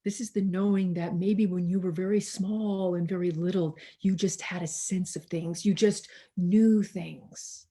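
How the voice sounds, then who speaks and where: A woman pastor giving a slow, reflective sermon over a video call, repeating words and pausing for emphasis, a little tired. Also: fairly low pitch, steady tone, mellow.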